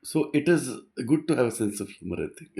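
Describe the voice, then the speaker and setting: Earnest, animated man musing. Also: mid-range voice, brisk, gravelly. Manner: rambling, earnest, restarts often, laughs softly. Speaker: speaker giving reflections. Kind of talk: reflective monologue.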